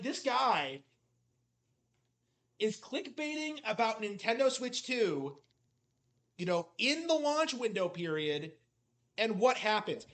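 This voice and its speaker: A man's voice: high-pitched, a bit bright. A man giving mocking reaction commentary, talking loosely and filling his sentences with "like". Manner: mocking, heavy use of "like" fillers. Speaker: commentary YouTuber.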